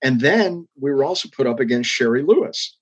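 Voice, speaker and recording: A man's voice: mid-range voice, animated, a little fast, slightly rough, low-quality recording. An older man, a former public television executive, telling stories in an interview with earnest, reflective emphasis. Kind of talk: storytelling interview.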